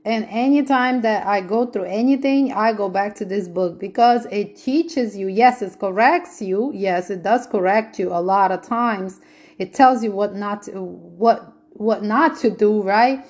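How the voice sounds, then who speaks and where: A woman's voice: mid-range voice, unhurried, a little mellow. A woman giving a podcast Bible teaching in an earnest way, repeating her points and asking rhetorical questions.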